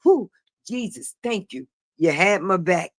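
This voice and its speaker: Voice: medium pitch, animated, unhurried, no echo, clean studio sound. A channel host giving a blunt, profane gossip commentary, repeating points for emphasis and laughing mockingly.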